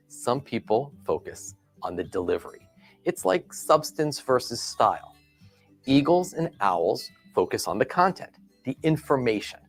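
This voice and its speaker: A man giving a training video lecture, telling stories and asking the listener questions. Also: medium pitch. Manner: expressive storyteller, asks the listener questions.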